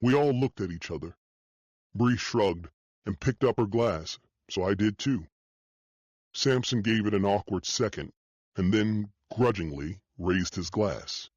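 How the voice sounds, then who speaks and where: Low-voiced male audiobook narrator. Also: slightly rough, dry recording, highs cut off. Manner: steady, measured storytelling. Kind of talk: scripted first-person narration.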